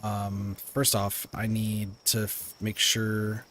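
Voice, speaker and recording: A man's voice: on the low side, monotone, takes it slowly, few pauses, pushed and bright. A man streaming a game, chatting casually and thinking aloud as he plays, with loose fillers. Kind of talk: casual gameplay commentary.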